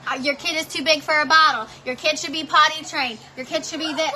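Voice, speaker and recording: A woman's voice: sits high, fairly even intonation, fairly quick, few pauses, noisy background. A woman talking casually in her home kitchen while cooking with her child, blunt and heated, swearing freely. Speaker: parent vlogger.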